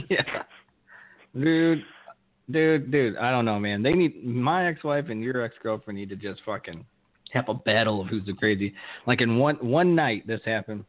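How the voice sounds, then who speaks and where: A man co-hosting a podcast, telling a wild story with lots of swearing and shouted quotes. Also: medium pitch, animated, normal speed. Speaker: podcast co-host. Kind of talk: casual storytelling chat. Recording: tinny phone-like sound.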